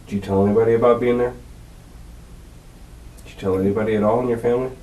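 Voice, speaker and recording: A man's voice: fairly low pitch, steady tone, fast, mellow. A male police detective interrogating a suspect, confrontational and swearing as he presses for a confession. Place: interrogation room. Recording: echoey room picked up from far off.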